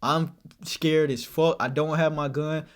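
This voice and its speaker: A young man vlogger telling a casual story, animated and slang-heavy, often repeating his phrases. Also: a little high, unhurried.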